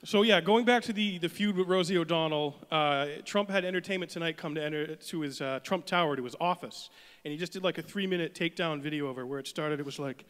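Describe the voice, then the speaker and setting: A man's voice: fairly high pitch, fast talker, fairly bright tone, clean tone. A man in his thirties telling a story as a stand-up comic, loose and conversational. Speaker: stand-up comedian. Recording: long hall reverb.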